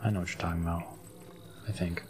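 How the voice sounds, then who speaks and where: A man's voice: low-pitched, fairly even intonation, fast. A man streaming himself playing a video game, chatting in a laid-back, offhand way and muttering asides about the game. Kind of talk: casual chat while playing a video game.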